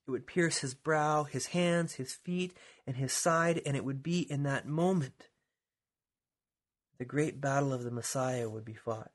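A man preaching a sermon with a husky voice, dropping to quiet lines and then rising to loud, dramatic calls. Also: medium pitch, measured pace. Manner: dramatic, swings from hushed to shouting.

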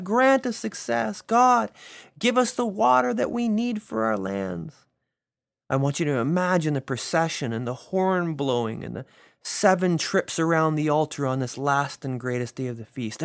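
Preacher guy telling the scene vividly, mid-pitched voice, dry close sound. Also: gravelly, no echo. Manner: vivid, emphatic storytelling. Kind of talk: sermon with scripture reading.

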